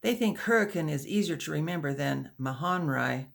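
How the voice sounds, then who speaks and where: A woman's voice: deep voice, animated, normal speed, gravelly. A woman voicing a young male wagon teamster from Utah, talking in a cheerful drawl. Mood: easygoing.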